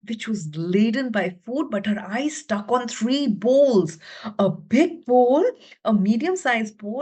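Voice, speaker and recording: A woman's voice: a little high, lively intonation, slow, dark tone, breathy edge. A woman with a South Asian English accent, telling a children's story in a webinar, dropping to whispers for suspense and asking the audience questions. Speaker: teacher trainer leading a storytelling webinar. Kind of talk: animated storytelling to an online audience. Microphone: computer mic on a video call.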